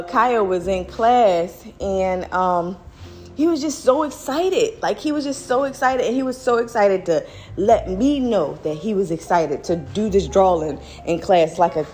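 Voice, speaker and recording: A young adult woman, a mother, ranting casually to her viewers in an animated, slangy way, with lots of restarts. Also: mid-range voice. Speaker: mom vlogger.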